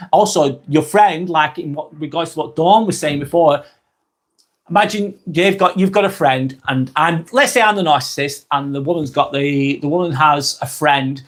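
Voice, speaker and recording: A man with a Northern English accent hosting a casual live vlog from home, blunt and chatty, swearing freely and repeating his points. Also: on the high side. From England. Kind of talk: casual live-stream talk.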